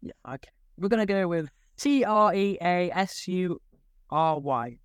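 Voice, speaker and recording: A man's voice: high-pitched, animated, measured pace, clear, resonant tone, no echo, studio quality. A young man co-hosting a casual podcast, rambling and laughing as he talks. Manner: rambling, self-interrupting, laughs often. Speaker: podcast co-host.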